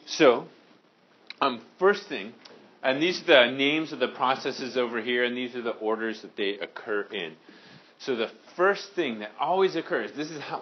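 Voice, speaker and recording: A man from Maine teaching a high school science class, casual and joking with his students. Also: dull audio, slight background noise. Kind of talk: classroom lecture.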